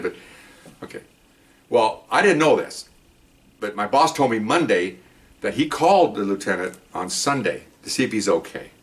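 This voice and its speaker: A middle-aged man telling rambling stories in a casual, animated way, acting out the people he quotes. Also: mid-range voice, distant mic. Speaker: podcast host telling police stories. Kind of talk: casual storytelling.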